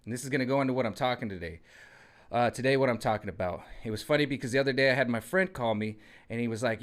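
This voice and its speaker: A man's voice: mid-range voice, very fast. 40s guy rambling on his vlog, casual, keeps asking viewers if they follow. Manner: rambling, conversational, addresses viewers directly. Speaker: vlogger. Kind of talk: casual talking-to-camera vlog.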